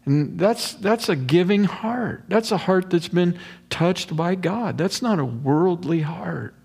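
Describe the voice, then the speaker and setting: A man with a slightly high voice preaching a sermon. He talks in an earnest, conversational way and drops folksy asides between points. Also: animated, takes it slowly, creaky, darkish tone, husky. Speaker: pastor. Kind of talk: expository sermon.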